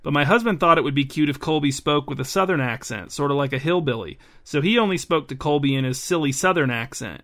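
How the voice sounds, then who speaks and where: A man's voice: fairly high pitch, fairly bright tone. A man voicing a frazzled, talkative middle-aged mother who rambles, apologizes and over-explains, raising his voice for her.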